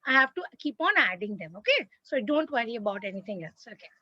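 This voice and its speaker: Indian English woman teacher on a video call, expressive, swooping high voice, dry close sound. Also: quick pace, no echo, dull audio. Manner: animated, acts out sentences with expression. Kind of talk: online grammar lesson.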